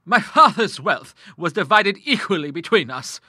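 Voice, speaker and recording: A man's voice: high voice, very animated, normal speed, bright, forceful tone, no echo, clean studio sound, voice pushed up, full character voice. A man reading an audiobook, voicing a stern, grim middle-aged woman who speaks severely and with scornful emphasis. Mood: vehement.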